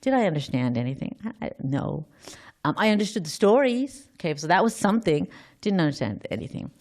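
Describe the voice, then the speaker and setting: A woman's voice: on the low side, big pitch swings, a little fast, a little mellow. A woman giving an informal scripture class, thinking aloud, quizzing her listeners and often restarting her sentences.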